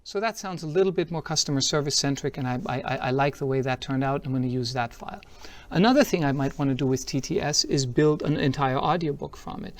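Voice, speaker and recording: A man at mid pitch presents a software demo at a tech conference. He is upbeat and explanatory, and he walks the audience through each step as he goes. His voice is an ordinary, even-pitched male voice. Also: quick pace. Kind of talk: product demo talk.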